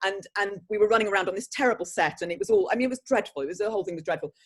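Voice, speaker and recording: Actress, middle-pitched, animated anecdotal interview guest on a video call. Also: female voice, very fast. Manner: animated storyteller, breaks into laughter.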